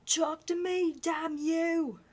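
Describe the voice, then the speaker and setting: A woman's voice: mid-range voice, slow pace, gravelly, slightly rough, exaggerated voice. A woman whispering as a raging old duke. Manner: blustering, shouting in bursts. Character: stern, furious old duke obsessed with bloodline. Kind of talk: whispered role-play.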